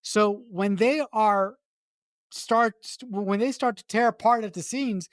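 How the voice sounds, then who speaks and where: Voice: medium pitch, slow, no echo, studio quality. A podcast co-host giving earnest, candid opinions about a film in casual chat. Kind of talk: casual movie review chat.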